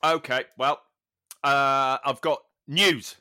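A man's voice: mid-range voice, steady tone, slow pace, bright, forceful tone, clean tone. A British man co-hosting a podcast, telling anecdotes with mock-outraged banter. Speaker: podcast co-host. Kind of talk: casual comedic chat.

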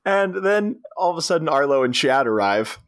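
A man's voice: on the high side, very animated, moderate pace, clear, resonant tone. A man co-hosting a podcast, retelling movie scenes in casual chat and laughing often. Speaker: podcast co-host.

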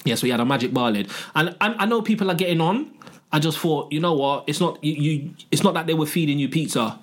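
A man's voice: a little high, quick pace. A man co-hosting a casual podcast, telling stories with jokes. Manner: joking, animated storytelling. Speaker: podcast co-host.

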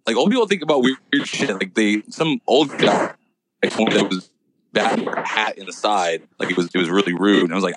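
Comedy podcast guest, man, lowish voice, ranty and jokey. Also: animated, a little fast, slight background noise, low-quality recording. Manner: ranting, jokey. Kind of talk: casual comedic chat.

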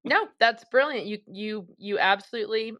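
A woman's voice: mid-range voice, normal speed, sharp tone. A woman co-hosting a panel chat, paraphrasing a guest's point and asking him to expand. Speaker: podcast co-host. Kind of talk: casual panel discussion.

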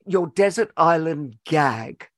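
A man hosting a podcast, asking questions and reading a scripted outro in a lively announcing manner. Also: a little high, takes it slowly, no echo, clean studio sound. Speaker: podcast host.

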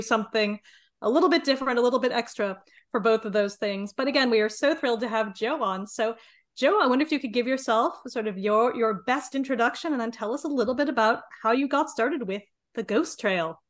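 A woman hosting a beer podcast in casual chat, chatty and quick to restart her sentences. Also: on the high side. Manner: chatty, repeats words and restarts often. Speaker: podcast host.

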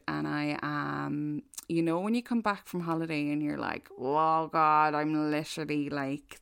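A young Irish woman co-hosting a podcast, telling stories in a chatty, animated way and swearing freely. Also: on the low side, vocal fry, clear, resonant tone. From Ireland. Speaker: podcast co-host. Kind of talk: casual chat.

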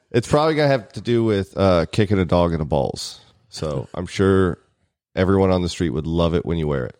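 Joking, rambling man with a low voice. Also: very animated, normal speed, a little mellow, no echo, clean studio sound. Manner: joking, rambling, laughs often. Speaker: podcast co-host. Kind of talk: casual podcast banter.

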